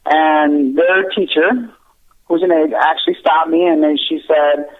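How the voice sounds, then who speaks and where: A man who writes children's books, talking earnestly as a radio guest with many halting restarts. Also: a little high. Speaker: children's book author, guest. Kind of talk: casual interview chat. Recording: tinny phone line.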